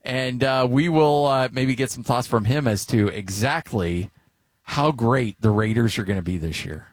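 A talkative male sports radio host in his forties, trading banter with his co-host and spinning family anecdotes. His voice sits at an ordinary middle pitch, and the studio sound is dry and close. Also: measured pace, no room sound. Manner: chatty, tells stories with lively quoted voices. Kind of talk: casual sports radio chat.

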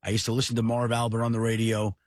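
A middle-aged man from the New York area hosting a sports podcast, telling stories in an animated, emphatic way. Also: fairly low pitch, fast talker, no room sound, studio quality. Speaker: podcast host. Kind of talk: casual sports talk.

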